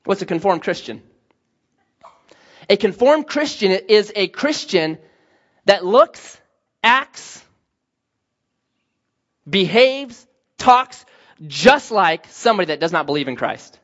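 A man preaching a sermon as a pastor, telling stories with lively acted-out dialogue. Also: high-pitched, slow, pauses often. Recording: dull lo-fi sound.

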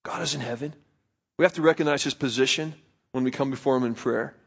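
A young male preacher tells family stories in the middle of his sermon, loose and conversational, and he pokes fun at himself. His voice sits at an ordinary middle pitch. The recording sounds a little dull and lo-fi. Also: fast, gravelly, slightly rough. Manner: conversational storytelling with self-deprecating humor.

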